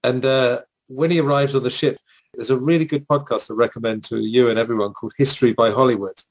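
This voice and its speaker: He's an English podcast co-host whose casual talk wanders into long, nostalgic stories cluttered with fillers. His medium-pitched voice keeps a fairly even intonation and a quick pace, captured in a low-quality recording.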